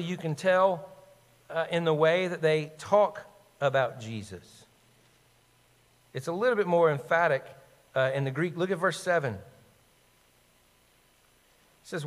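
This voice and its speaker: A man's voice: fairly high pitch, measured pace, pauses often. Man preaching in a reverberant hall. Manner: emphatic, rhetorical questions, quotes scripture. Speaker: pastor. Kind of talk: sermon.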